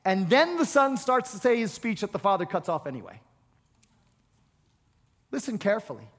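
A man's voice: high voice, big pitch swings, normal speed. A male pastor preaching a sermon, emphatic and repetitive, often restarting words as he presses a point. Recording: reverberant hall.

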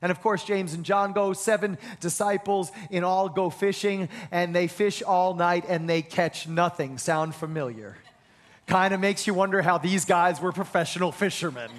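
A man preaching a sermon, animated, repeating key phrases and leading his congregation in call-and-response. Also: high voice, normal speed.

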